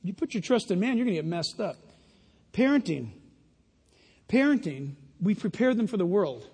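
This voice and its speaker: High-pitched pastor guy preaching, jumpy voice, reverb-y hall sound. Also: moderate pace, husky. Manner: animated preaching with mocking put-on quotes. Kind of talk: sermon. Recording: long reverb of a large hall.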